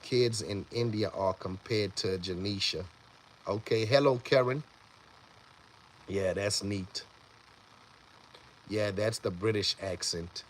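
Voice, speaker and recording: A man's voice: fairly low pitch, slow pace, pauses often, a little hiss or hum. A man hosting a casual live stream who rambles, restarts his sentences and greets viewers in the chat by name. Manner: rambling, with many restarts and repeated words. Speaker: livestream host.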